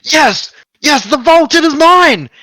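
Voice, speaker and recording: A man voicing a greedy foreman who screams in shrill triumph. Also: animated, takes it slowly, sharp tone, no echo, heavily acted. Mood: triumphant. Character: greedy frantic male foreman shouting triumph.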